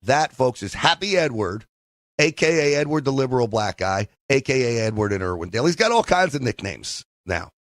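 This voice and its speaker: A man's voice: mid-range voice, very animated, a little fast, no room sound. A man hosting a call-in talk radio show, teasing his callers in a jokey way and laughing often. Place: radio studio. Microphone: studio microphone.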